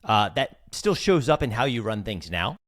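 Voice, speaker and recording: A man's voice: on the low side, sing-song, moderate pace, fairly bright tone, no room sound, studio quality. A man hosting a podcast, asking the guest interview questions with thoughtful, searching phrasing. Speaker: podcast host.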